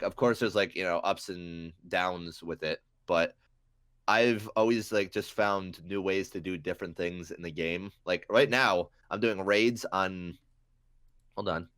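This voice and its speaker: A man's voice: deep voice, a bit bright, no room sound, clean studio sound. A young man with a congested voice, a podcast guest who rambles and mocks himself. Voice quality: congested, nasal-sounding voice. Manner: rambling, self-mocking, many restarts. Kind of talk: casual podcast chat.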